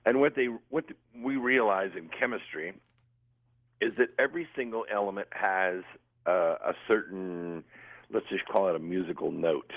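Low voiced guy phoning into a radio show, keen explainer, tinny phone sound. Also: moderate pace. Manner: explanatory, enthusiastic, with fillers. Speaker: guest on a phone line.

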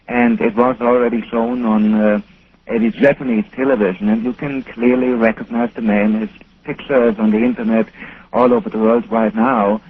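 A man from Germany with a German accent, a guest researcher on a call-in radio interview, speaking earnestly in slightly halting English. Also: mid-range voice. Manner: earnest, slightly halting non-native phrasing. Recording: thin telephone line with faint hiss.

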